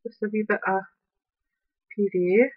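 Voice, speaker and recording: A woman's voice: medium pitch, steady tone, a little slow, narrow, tinny audio. A woman, chatting casually while demonstrating a craft project at home and thinking aloud as she works. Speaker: craft tutorial host. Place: upstairs room at home.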